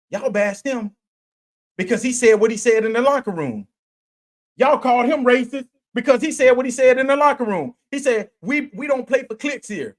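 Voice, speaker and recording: Male podcast host, high-pitched, heated sports rant, blunt slang, rhetorical questions. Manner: repeats and restarts phrases while ranting.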